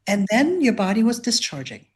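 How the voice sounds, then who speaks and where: A woman teaching mindfulness on a live video call, speaking in a gentle, reassuring way. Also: a little high, big pitch swings, a little fast, slightly rough. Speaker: meditation teacher leading a live session.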